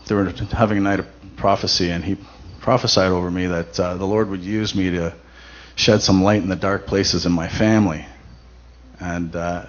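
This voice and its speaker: Low-voiced man giving a church testimony. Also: steady tone, normal speed. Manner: conversational, many fillers and restarts. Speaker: testimony speaker at a church event. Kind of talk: personal testimony. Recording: dull lo-fi recording with faint noise.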